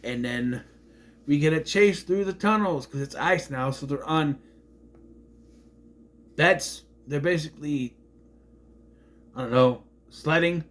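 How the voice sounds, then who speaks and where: A man casually recapping a movie, rambling with fillers and slipping into quick voice impressions. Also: a little high, fairly bright tone.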